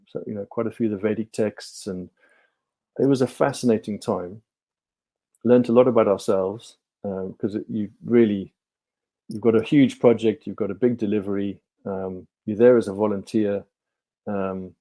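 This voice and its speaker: Mellow-voiced man telling stories. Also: fairly low pitch. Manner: rambling, many ums and restarts. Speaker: podcast guest, life coach. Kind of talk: relaxed storytelling interview.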